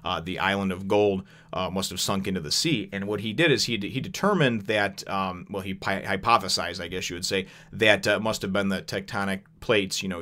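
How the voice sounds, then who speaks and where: A man's voice: sits low, sharp tone. A young adult man casually recapping a manga chapter, rambling with lots of fillers and chuckles.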